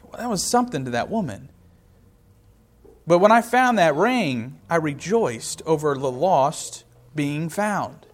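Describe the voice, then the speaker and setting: A man's voice: on the high side, lively intonation, measured pace. A man in his thirties preaching a sermon in a conversational way, telling personal stories. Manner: conversational, storytelling with personal anecdotes. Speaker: pastor.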